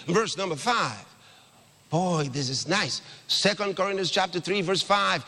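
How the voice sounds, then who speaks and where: Exclamatory male preacher, high and very lively in pitch, recorded in an echoing hall. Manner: exclamatory, calls on the congregation to repeat scripture. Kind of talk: sermon.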